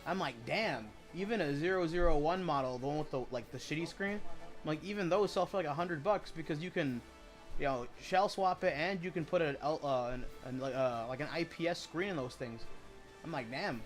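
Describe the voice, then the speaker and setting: A man's voice: a little high, fairly quick, soft background music. Rambling, profane man streaming a game. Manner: rambling, profane, retells stories with "I'm like". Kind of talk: casual chat while live-streaming a game.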